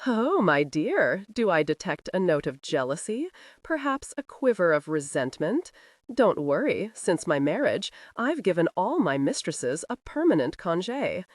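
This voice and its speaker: A woman's voice: on the low side, very animated, unhurried, no echo. Mocking aristocratic earl, voiced by a woman, dry close read, audiobook. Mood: teasing. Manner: drawling, mocking. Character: suave teasing male earl, aristocratic.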